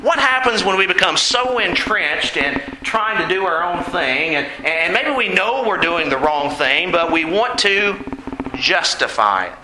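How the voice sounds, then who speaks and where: A man's voice: sits high, expressive, measured pace. A man preaching a sermon in an earnest way, asking the congregation questions. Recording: echoey room with faint noise.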